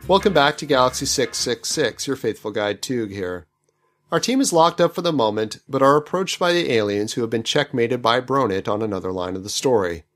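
Wry, animated male podcast host. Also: medium pitch, brisk, soft background music. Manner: wry, skeptical, picking apart plot logic. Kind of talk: book commentary podcast.

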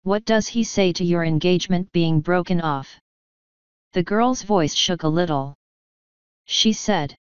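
Slow, crisp-voiced woman narrator. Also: lowish voice, no echo, highs cut off. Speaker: audiobook narrator. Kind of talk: scripted narration.

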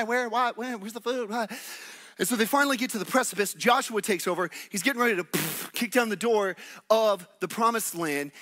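A male pastor preaching a sermon in an animated, playful way, acting out characters from the story. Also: high voice.

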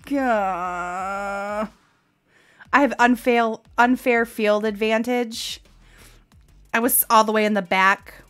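A woman's voice: on the high side, steady tone, slow, long pauses, fairly bright tone, clean tone, soft background music. A woman in her thirties streaming a game live, chatting with viewers, laughing often and crying out while she plays.

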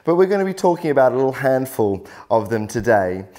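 A man's voice: mid-range voice, sing-song, fast, darkish tone. Man, vocal coach, upbeat teaching tone, mid-range voice. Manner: encouraging, explains with many "lovely" and "little". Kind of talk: instructional video workshop.

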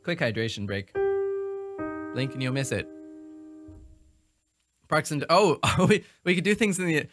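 Playful male livestream host, rambling talk and goofy high singing, loud music behind. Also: big pitch swings, unhurried, pauses often. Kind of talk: casual livestream chat with improvised singing.

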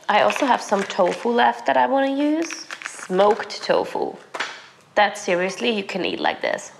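A young woman, sick and hoarse, chatting casually to viewers while cooking in her home kitchen. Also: mid-range voice, sing-song, a little slow, slight background noise. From Germany. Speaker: lifestyle vlogger. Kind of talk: casual cooking vlog chat.

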